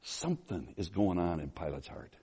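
Animated male preacher telling a story. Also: low-pitched, moderate pace, breathy edge. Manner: animated storytelling that swings between loud emphasis and quiet asides; addresses the congregation as folks, with restarts and apologies for running long. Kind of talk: expository sermon.

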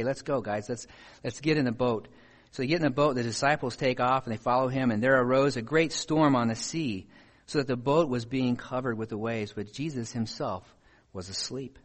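A man preaching a sermon, reading scripture passages aloud and asking his listeners pointed questions. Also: medium pitch.

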